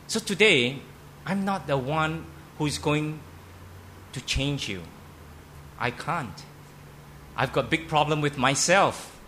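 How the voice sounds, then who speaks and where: Male pastor, mid-pitched, preaching with emphatic rises and stumbling repeats; faint noise behind. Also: sharp tone. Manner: emphatic, repeats words, stammering restarts. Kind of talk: sermon. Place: church.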